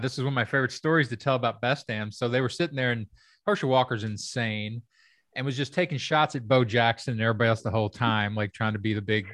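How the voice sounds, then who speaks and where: A man's voice: fairly low pitch, a bit bright, dry recording, studio quality. A middle-aged man from Kentucky, a comedy writer and stand-up comic, telling stories in a casual, rambling way with many fillers. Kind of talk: casual storytelling chat.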